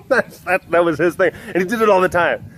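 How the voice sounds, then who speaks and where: Brisk and high-voiced, an animal sanctuary keeper chats casually for a vlog while walking outdoors. His storytelling rambles and is animated, and he laughs frequently.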